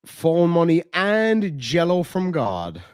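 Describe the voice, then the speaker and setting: A man's voice: on the high side, wildly swooping pitch, slow, a little mellow, clean tone, dry recording, studio quality. A man hosting a casual livestream, rambling loosely, swearing freely and reading out viewer messages. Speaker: livestream host. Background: dogs nearby.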